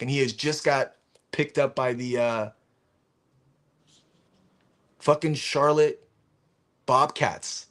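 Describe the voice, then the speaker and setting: A man's voice: medium pitch, normal speed. A man hosting a casual live stream chat, telling stories with lots of swearing and acted-out quotes over a video call. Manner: animated storyteller, swears freely, acts out quotes. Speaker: stream host.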